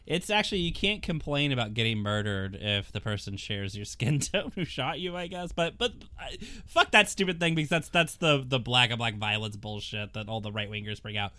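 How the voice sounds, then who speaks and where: Podcast cohost dude, jokey and sweary, bright voice that jumps around, dry sound. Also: male voice, medium pitch, expressive, fairly quick, no echo. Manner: joking, laughs often, profane. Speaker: podcast co-host. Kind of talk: casual podcast chat.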